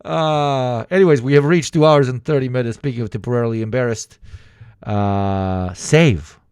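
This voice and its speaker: A man's voice: mid-range voice, steady tone, fast talker, a little mellow, clear, resonant tone, no echo, studio quality. A man streaming, ranting in a profane, sarcastic way and slipping into mock voices. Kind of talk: casual livestream commentary.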